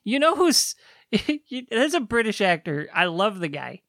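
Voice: mid-range voice, sing-song, a little slow, a bit bright, no room sound, clean studio sound. Giggly, hesitant podcast co-host. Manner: giggly, hesitant, filler-heavy. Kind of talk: casual chat.

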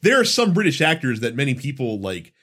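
A man's voice: mid-range voice, sing-song, brisk, a bit bright, slightly rough. A man hosting a casual gaming podcast, asking his co-host questions and laughing easily. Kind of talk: casual chat.

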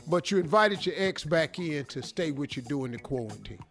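Male host, animated, bright, acts out bits. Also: on the high side, a little fast, gravelly, soft background music. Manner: animated, acts out scenes in put-on voices. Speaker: radio show host. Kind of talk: comic advice commentary.

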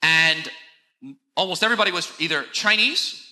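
A man's voice: high voice, moderate pace, bright, forceful tone. An older man and pastor preaching a conversational, confessional sermon, often saying "you know" and poking fun at himself. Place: large church hall. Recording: echoey church hall.

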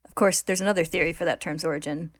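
A woman narrating a story recap in a steady, clear retelling. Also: low-pitched, fast talker, dry recording.

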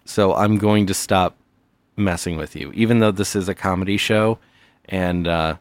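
A man's voice: sits low, moderate pace. A man hosting a comedy podcast with call-ins, talking in a mock-earnest, playful way with stammered restarts. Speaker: podcast host.

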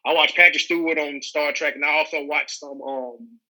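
A man's voice: fairly high pitch, fairly even intonation, normal speed, pushed and bright, rough recording. A young man from the American South with a Southern accent, an actor chatting casually in an interview, rambling with many restarts and fillers. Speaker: actor guest.

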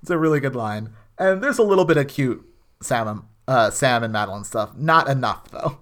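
A man's voice: medium pitch, animated, normal speed, fairly bright tone. A man co-hosting a podcast, recapping a TV episode in a rambling, casual way with many restarts. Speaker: podcast co-host. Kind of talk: casual chat.

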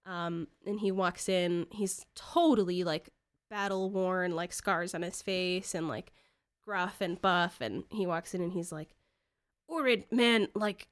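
A woman's voice: on the low side, fairly even intonation, a little slow, clean tone. A woman narrating a tabletop role-playing game as game master, in a casual chatty way with many filler words.

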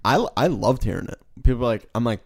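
A young man from Chicago with a Chicago accent, chatting casually in a halting, laid-back way. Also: medium pitch, very animated, gravelly, dry recording, clean studio sound. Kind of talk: casual chat.

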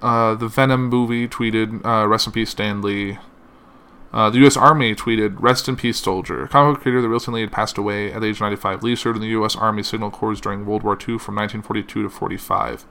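A man reading a statement and a series of tributes aloud, halting often with fillers and stumbles, and saying it is hard to keep going. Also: lowish voice, steady tone, creaky, bright, forceful tone, smooth. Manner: halting, with frequent uh fillers and self-corrections. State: emotional, finding it hard to continue.

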